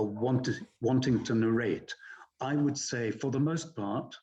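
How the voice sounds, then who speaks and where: An older man, an audiobook narrator, explaining his craft in a measured, courteous, articulate way. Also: mid-range voice, darkish tone, low-quality recording. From England. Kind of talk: interview answers, explaining narration technique.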